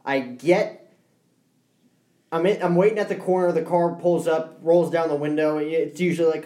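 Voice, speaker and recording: A man's voice: on the high side, normal speed, echoey room. A young man co-hosting a podcast, telling a story in casual chat. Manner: storytelling, animated impressions. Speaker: podcast co-host.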